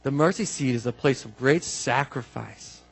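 A man's voice: mid-range voice, vocal fry, breathy edge, poor audio. Man preaching a conversational sermon. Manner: conversational, asks the congregation questions; rises to emphatic, drawn-out declarations. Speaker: pastor.

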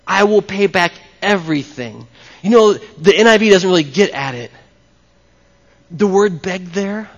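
In this live sermon, an animated, high-voiced male pastor keeps stopping to talk with his congregation, his creaky voice echoing with long reverb around a church hall. The recording is slightly dull and lo-fi.

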